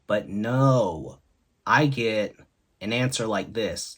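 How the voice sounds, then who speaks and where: A man's voice: fairly low pitch, takes it slowly, slightly rough. A man hosting a comedy show, telling one joke after another in an upbeat way and leaning on the punchlines. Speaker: host.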